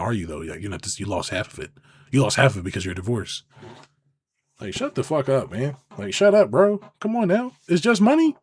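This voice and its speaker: A man who works as a business consultant, ranting casually to camera in a sarcastic, profane and rambling way, jumping between loud outbursts and low mutters.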